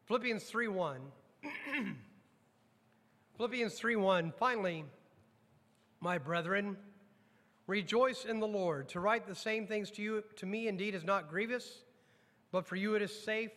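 A pastor preaching a sermon to his congregation, emphatic, questioning the room and dropping low and slow on weighty lines. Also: fairly bright tone, big-room sound. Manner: addresses congregation directly with repeated questions. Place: church sanctuary.

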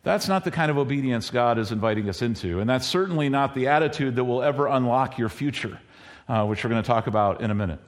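A middle-aged man preaching a sermon in a conversational way, now and then acting out quoted lines in a higher voice. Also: fast talker. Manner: conversational, acts out quoted lines with bursts of high pitch. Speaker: pastor.

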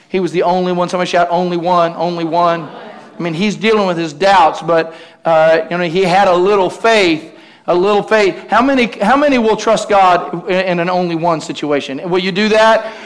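Guy preaching a sermon, pretty high voice, does call and response with the crowd. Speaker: pastor.

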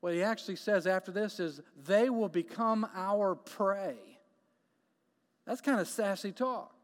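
Preacher, male, high-pitched, emphatic and repetitive, long hall reverb. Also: smooth. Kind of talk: sermon.

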